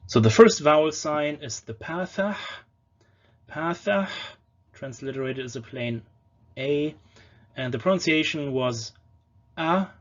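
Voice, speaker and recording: Male lecturer, mid pitch, patient explainer who slows to sound out words; slightly dull lo-fi recording. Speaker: language lecturer. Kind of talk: educational lecture on pronunciation.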